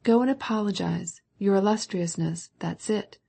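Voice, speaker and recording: A woman reading a proud old army captain in an audiobook, scolding and firm, with a dark, mellow voice that has a husky edge. He holds to honor and lays down the law. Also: medium pitch, moderate pace. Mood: approving. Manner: firm, reproachful.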